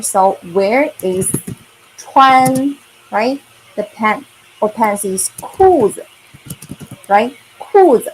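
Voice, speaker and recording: Slow, patient woman teaching kids. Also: mid-range voice, slight background noise. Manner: slow, patient, repeats words for learners to echo. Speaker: Chinese teacher. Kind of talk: online kids' language lesson.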